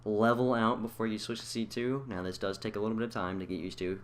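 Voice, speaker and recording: A man's voice: on the low side, fairly even intonation, fast talker. A young man giving casual, rambling gameplay tips over his own footage, full of fillers and restarts. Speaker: gaming video creator. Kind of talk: casual gameplay tutorial commentary.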